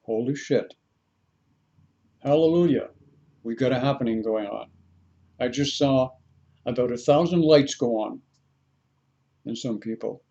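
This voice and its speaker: A man, a spiritual teacher, leading a guided meditation talk in a slow, deliberate way and repeating phrases for the listener. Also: mid-range voice, gravelly, mellow, highs cut off.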